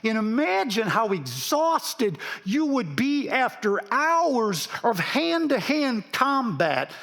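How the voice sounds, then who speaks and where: Man preaching, slow and deliberate, lively rising and falling pitch, long church reverb. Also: creaky. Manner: dramatic, drops to a hush then swells. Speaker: pastor. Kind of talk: storytelling sermon. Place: church sanctuary.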